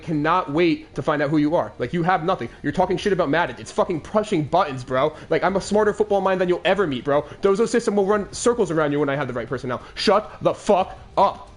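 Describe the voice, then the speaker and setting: Ranting, foul-mouthed young man. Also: fairly high pitch. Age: 20s. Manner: crude, aggrieved ranting. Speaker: host of a video game commentary show. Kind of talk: profane Madden game recap.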